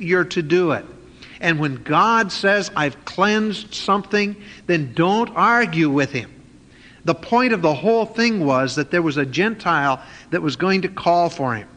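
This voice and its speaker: Male preacher, fairly high, bright voice; reads a verse, then unpacks it in plain talk; long hall reverb. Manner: reads scripture aloud, then explains in plain asides. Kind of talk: sermon.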